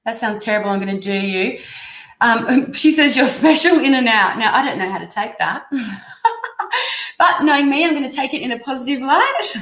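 A woman hosting a casual live-stream tarot reading, chatty and excitable as she reads out viewer comments. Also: mid-range voice, normal speed, long pauses. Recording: echoey room, faint background noise.

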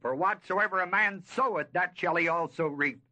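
A man teaching Bible verses in a sermon. He talks emphatically, slows down to stress key words and asks the audience questions. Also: high voice, bright, forceful tone. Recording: dull lo-fi 1970s tape recording.

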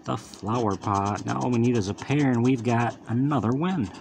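A man's voice: medium pitch, normal speed, vocal fry, a little mellow, a little hiss or hum. A man hosting his own lottery channel, calling out each symbol with casual running commentary and upbeat wisecracks as he scratches tickets.

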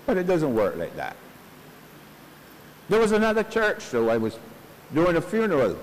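A male pastor giving a funeral sermon in earnest, slow preaching sprinkled with homespun stories, recorded at a church service. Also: on the high side, huge pitch swings. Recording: long church reverb.

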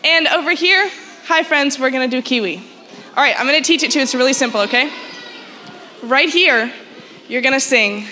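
A young woman leads a crowd through a chanted warm-up in an upbeat, encouraging way. Her voice sits high and sounds bright and clear. The sound rings through a large concert hall with faint music underneath. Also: normal speed, long pauses, a little hiss or hum. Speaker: chorus teacher. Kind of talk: leading an audience warm-up at a school concert. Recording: long hall reverb with music behind.

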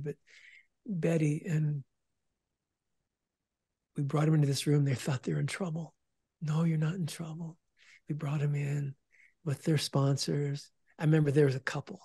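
A man telling an emotional testimony about starting his ministry, earnest, often restarting and repeating words, dropping to a hush when quoting. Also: fairly high pitch, slightly rough. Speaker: ministry founder and guest.

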